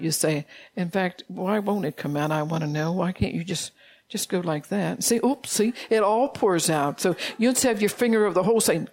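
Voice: medium pitch, moderate pace, darkish tone. A preacher giving an informal, folksy sermon in a conversational way, often breaking into laughter.

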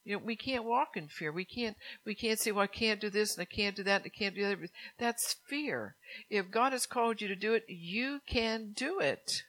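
A woman's voice: medium pitch, brisk, fairly bright tone, poor audio. A woman preaching a sermon to her congregation, earnest and repetitive, with frequent laughs.

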